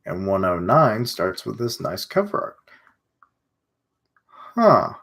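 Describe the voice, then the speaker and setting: A man's voice: lowish voice, sing-song, slow pace, pauses often, fairly bright tone, husky. A man streaming his reading of a comic, giving chatty commentary and muttering asides as he goes. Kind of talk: casual reading reaction.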